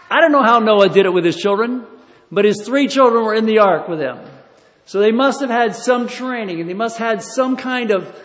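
A man preaching a folksy revival sermon to a church congregation, mixing stories with emphatic exhortations. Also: high voice. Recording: echoey hall, faint background noise.

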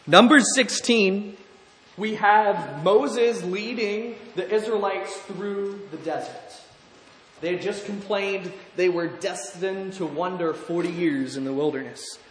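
Animated male preacher, high voice, echoey hall sound with faint room noise. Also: slow. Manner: animated, asks the congregation questions. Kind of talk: sermon.

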